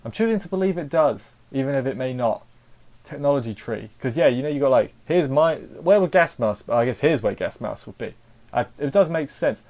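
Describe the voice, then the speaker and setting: A man's voice: mid-range voice, animated, brisk, darkish tone, highs cut off. A man giving a casual, rambling spoken review of an anime episode, often repeating words and restarting sentences.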